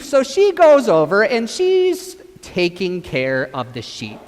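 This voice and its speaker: Animated priest with a lively voice. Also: male voice, high-pitched, slow. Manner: animated storytelling, directing children. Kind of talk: children's sermon with acted gospel. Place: church. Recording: long church reverb.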